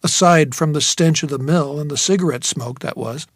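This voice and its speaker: A man's voice: fairly high pitch, normal speed, few pauses, dry recording, clean studio sound. A man narrating a first-person novel audiobook in a wry, reflective manner.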